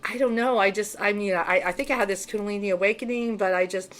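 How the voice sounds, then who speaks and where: A woman's voice: mid-range voice, close to an everyday voice. A woman putting on the voice of a naive, vulnerable female spiritual seeker who speaks hesitantly and stumbles over her words. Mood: timid. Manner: halting, breathy-sweet, stumbling over words.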